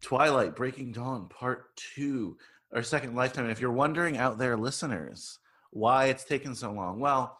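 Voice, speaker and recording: A man's voice: mid-range voice, moderate pace, a bit bright. A man co-hosting a podcast, chatting casually in a playful, joking way. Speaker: podcast co-host. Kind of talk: casual chat.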